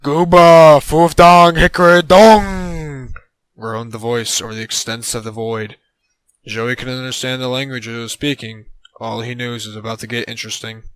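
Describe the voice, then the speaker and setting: A man narrating an absurd comedic story in a deadpan way on a close mic. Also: mid-range voice, a little fast, rough recording.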